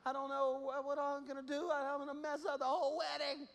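A man's voice: sing-song, vocal fry, big-room sound, exaggerated voice. A man putting on a frightened little boy. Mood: anxious. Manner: anxious, rapid, high-pitched worrying.

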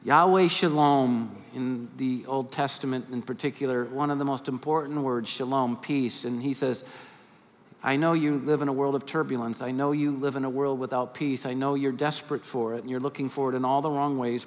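A man's voice: mid-range voice, steady tone, moderate pace. A pastor preaching a sermon, casually acting out dialogue as he tells a story. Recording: long reverb of a large hall.

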